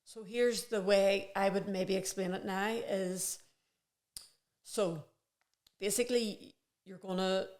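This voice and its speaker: A woman's voice: mid-range voice, fairly even intonation, slow, pauses often, a little mellow. Woman, casual conversation, earnest, reflective, rambling. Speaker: podcast guest.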